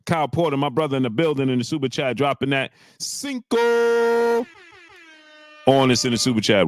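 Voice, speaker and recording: A man hosting a casual boxing livestream, animated and exasperated, reading out viewer messages. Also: medium pitch. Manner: animated, exasperated, drawn-out "bro". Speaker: livestream host.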